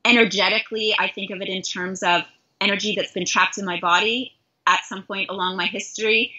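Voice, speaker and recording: A middle-aged woman from Canada talks as a life coach in an interview, earnest and openly self-reflective. Her voice is bright and forceful, with a breathy, husky grain, on a dull, lo-fi recording. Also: medium pitch, fairly even intonation, a little fast.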